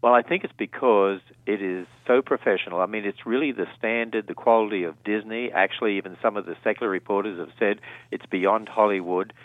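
A man's voice: lowish voice, fairly quick, dry recording. Australian male guest, fluent and eager, heard over a tinny phone line. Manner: fluent, enthusiastic, explanatory. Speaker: guest on a call-in radio show. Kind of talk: phone interview.

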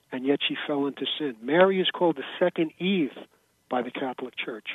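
A man's voice: a little high, no echo. Male caller on a tinny phone line. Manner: earnest, explanatory, cites references. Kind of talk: call-in debate.

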